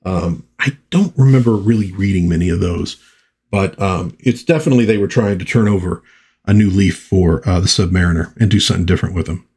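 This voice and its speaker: A man's voice: low voice, brisk, a little mellow, breathy edge. A man casually reviewing an old comic book and reading its panels aloud, chatty and full of asides and fillers.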